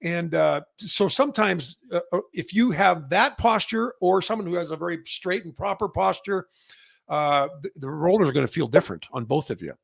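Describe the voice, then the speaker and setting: A man's voice: sits high, animated, normal speed, creaky, husky, no echo, studio quality. A middle-aged man from Canada hosting a casual industry update, rambling with many restarts and fillers. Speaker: massage chair retailer and host.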